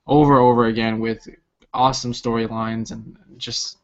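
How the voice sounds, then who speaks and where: A man hosting a podcast, chatting in a relaxed, agreeable way with many fillers. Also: mid-range voice, normal speed. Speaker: podcast host. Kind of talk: casual podcast conversation. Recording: muffled lo-fi podcast audio.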